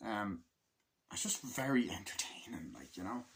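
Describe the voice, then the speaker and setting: A man with a fairly low voice talks through a film review off the cuff. He rambles, leans on fillers and swears freely, now and then acting out bits of the movie's dialogue. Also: big pitch swings, normal speed. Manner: rambling, filler-heavy, swears often, acts out film lines. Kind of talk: casual spoken film review.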